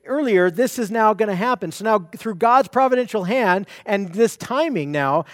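A man's voice: high-pitched, no echo, clean studio sound. A man preaching an expository sermon, emphatic, often repeating and restarting his phrases.

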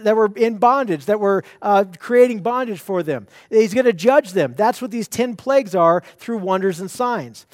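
A man's voice: sits high, dry recording, clean studio sound. A man preaching an expository sermon, emphatic, often repeating and restarting his phrases.

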